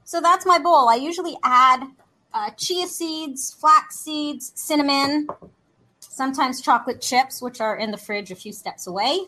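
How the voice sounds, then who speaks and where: A woman chatting as a guest in a lively, playful, flirty way, joking as she talks. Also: high-pitched, unhurried, slight background noise. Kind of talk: lively casual chat.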